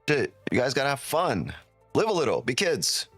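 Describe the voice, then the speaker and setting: A man's voice: mid-range voice, very animated, moderate pace, a bit bright, breathy edge, no echo, soft background music. A man, a trading streamer, chatting casually on a live stream, swearing a lot, joking and laughing often.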